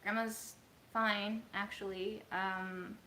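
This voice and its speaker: A woman with a bright, sharp-edged voice talks casually to her viewers from her home kitchen. She speaks in a soft, reflective way, pausing often with ums. The room gives a noticeable echo. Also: mid-range voice, little pitch movement, slight background noise. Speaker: vlogger. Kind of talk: casual livestream chat. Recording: roomy echo.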